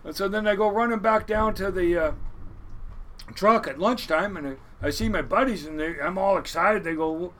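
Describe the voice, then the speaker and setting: A man's voice: sits high, normal speed, fairly bright tone. A middle-aged man, a longtime crab fishing captain, telling stories in a rambling, profane way and laughing often. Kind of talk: casual storytelling interview.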